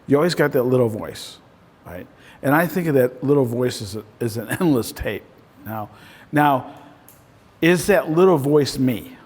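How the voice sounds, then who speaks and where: A man's voice: mid-range voice, lively intonation, moderate pace, darkish tone, slightly rough. A man in the role of a real estate coach, giving a casual, conversational talk to a small group and often ending points with "right?". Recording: voice in a reverberant room.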